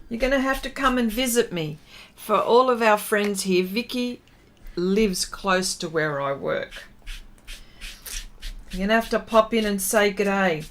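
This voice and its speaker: A woman's voice: mid-range voice, unhurried. A woman artist chatting casually with viewers during a livestream pastel demonstration, greeting them and laughing often.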